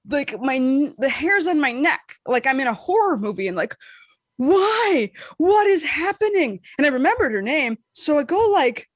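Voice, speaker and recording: A woman podcast co-host telling a casual, animated story, swearing freely and acting out what people said. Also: no echo, studio quality. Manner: animated, profane, acts out quotes with big pitch swings.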